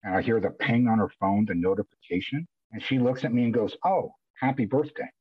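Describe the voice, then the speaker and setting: Male podcast guest, husky voice, dull dry recording; emotional, restart-heavy storytelling. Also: on the low side, fast, no room sound. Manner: emotional, animated retelling with repeated restarts. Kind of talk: candid conversational storytelling. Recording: dull lo-fi audio.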